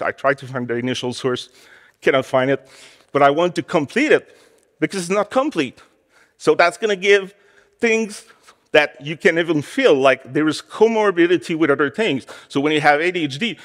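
In a conference hall with long reverb, a man in his forties with a French Canadian accent gives a candid, self-deprecating talk. His voice sits on the high side with a fairly bright tone.

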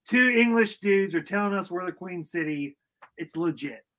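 A man's voice: high voice, expressive, normal speed, fairly bright tone. A man co-hosting a casual football fan show, joking around with slangy banter. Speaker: co-host.

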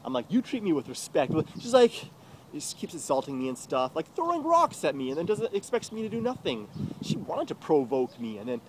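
A man's voice: fairly high pitch, wildly swooping pitch, brisk. A young man in a bitter, agitated confessional rant, swearing heavily. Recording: noisy recording.

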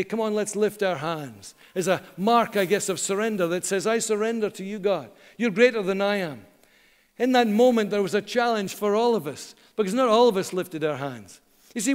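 A middle-aged man preaching a sermon as pastor, earnest, slowing down and pausing for emphasis. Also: sits high. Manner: earnest, dramatic pauses, slows for emphasis. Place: church hall. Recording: long church reverb.

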